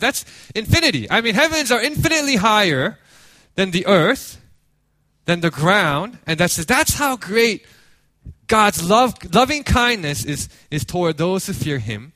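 A man preaching a sermon as a pastor, telling a story in an animated way with many restarts. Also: sits high, normal speed, no room sound.

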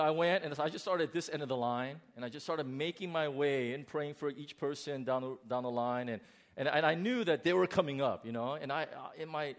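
Middle-aged male pastor, lively storytelling sermon voice, frequent false starts. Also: mid-range voice. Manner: animated storytelling with many restarts. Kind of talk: sermon testimony.

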